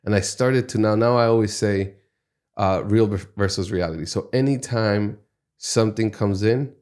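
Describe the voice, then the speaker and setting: A man's voice: on the low side, normal speed, a little mellow. A man who is a guest on a podcast, telling stories from his life in an earnest, reflective way. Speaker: podcast guest, music executive. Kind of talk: conversational interview storytelling.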